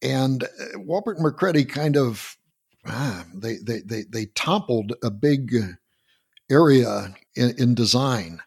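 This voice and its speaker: A man hosting a podcast interview, explaining in a halting way and often restarting and repeating words. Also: medium pitch, lively intonation, gravelly, breathy edge. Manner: storytelling, earnest explaining. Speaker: podcast host.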